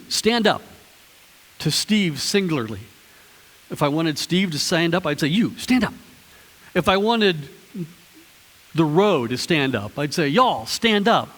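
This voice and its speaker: Male pastor, higher voice, easygoing preaching, reverb from a big church hall. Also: a bit bright. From Ohio, US. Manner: conversational, chatty preaching with restarts and playful asides to the congregation. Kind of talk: sermon. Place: church sanctuary.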